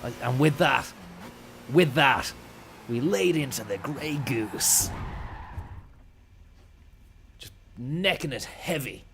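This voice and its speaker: Give me a young man spinning an absurd comic tale, slow and deadpan, with a gravelly rasp. He rambles along, swearing casually. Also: mid-range voice, noisy background. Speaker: comedian streamer.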